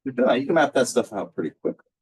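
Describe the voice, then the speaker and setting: A man's voice: medium pitch, lively intonation, quick pace, a little mellow, recorded from a distance. A male instructor giving a casual recorded class lecture, rambling with many fillers and restarts.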